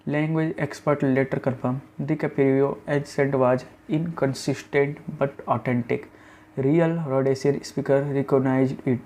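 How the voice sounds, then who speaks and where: A man's voice: mid-range voice, fairly even intonation, measured pace, mellow, rough recording. A man reading a scripted film review as a voice-over, in short clipped phrases with occasional restarts.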